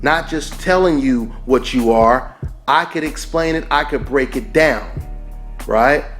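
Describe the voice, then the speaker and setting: A man's voice: mid-range voice, a little slow, a bit bright. A man hosting a boxing channel, delivering an emphatic opinion rant that keeps repeating its points and asking "right?". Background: faint background music.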